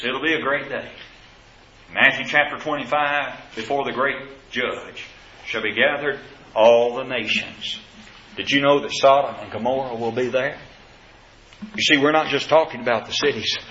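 A man preaching a sermon to a congregation, quoting scripture and addressing the brethren, swelling loud and high on key phrases, then dropping low and soft. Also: a little hiss or hum. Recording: dull lo-fi sound.

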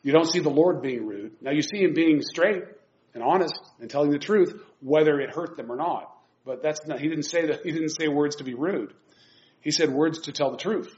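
A man's voice: a little high, normal speed, a little mellow. A man preaching an informal sermon from a church pulpit, reading scripture and chatting in a self-mocking way. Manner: chatty, laughs at himself, restarts phrases. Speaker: preacher teaching a Bible class. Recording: dull lo-fi recording.

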